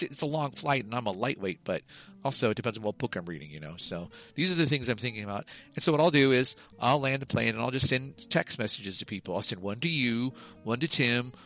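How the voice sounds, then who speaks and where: A man's voice: medium pitch, expressive, a little fast, pushed and bright, faint music behind. A man co-hosting a podcast, rambling and joking with swearing, telling silly made-up scenarios. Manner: rambling, profane, jokey storytelling. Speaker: podcast co-host. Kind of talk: casual chat.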